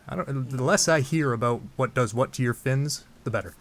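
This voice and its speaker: A man's voice: medium pitch, fairly quick, few pauses, a bit bright. A man giving casual, rambling gameplay commentary, joking crudely with lots of fillers. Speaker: game let's play host.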